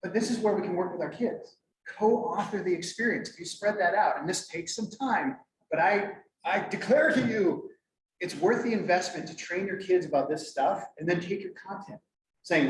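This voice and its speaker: A middle-aged man presenting at a conference, lively and joking as he quizzes the audience. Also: sits high, normal speed. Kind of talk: interactive workshop talk. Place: conference room. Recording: echoey room, mic far off, faint noise.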